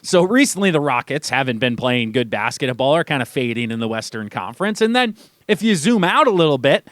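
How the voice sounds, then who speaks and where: A man's voice: fairly quick, no room sound, studio quality. A young man hosting a sports radio show, talking casually and animatedly, mocking what he reports with put-on voices. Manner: animated, mocking, acts out quotes in a high voice. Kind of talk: casual sports talk monologue. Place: radio studio.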